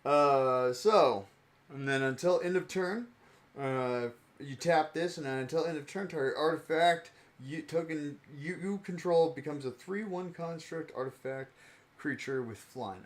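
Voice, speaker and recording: A man's voice: a little high, unhurried. A young man streaming, chatting casually and joking as he sorts cards, laughing often and playing with mock accents. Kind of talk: casual stream chat while sorting cards.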